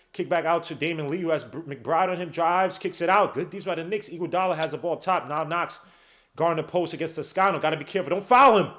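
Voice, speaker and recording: A man hosting a podcast, giving excited, slangy fan play-by-play of a game and teasing his co-hosts. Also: a little high. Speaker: podcast host.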